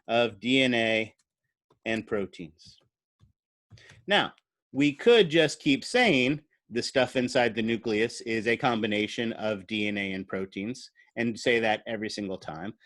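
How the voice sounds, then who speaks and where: A man's voice: mid-range voice, no echo, clean studio sound. A man giving a recorded university biology lecture. He explains step by step while drawing, thinks aloud, and asks the class playful questions.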